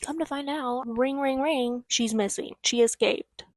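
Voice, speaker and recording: A woman's voice: high voice, a little slow, darkish tone. A young woman vlogging, casually recapping a novel, chatty and swearing freely as she acts out the characters' lines. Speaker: book vlogger.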